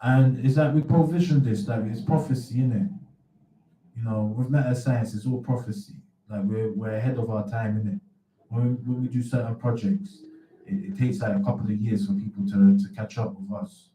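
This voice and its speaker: A man's voice: mid-range voice, warm tone, echoey room, recorded from a distance, poor audio. A man hosting a radio show in a casual, rambling way, full of slang and repeated words. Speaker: radio host.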